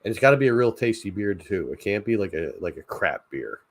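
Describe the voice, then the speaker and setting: A man's voice: fairly low pitch, very animated, fairly quick, no room sound. A man hosting a casual late-night chat stream, rambling and joking, often laughing at his own ideas. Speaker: channel host.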